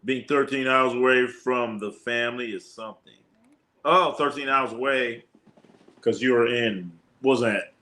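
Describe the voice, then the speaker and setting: This sports streamer reads comments from viewers aloud and cracks loose, profane jokes about them. His mid-range voice is steady and unhurried, with a pushed, bright quality.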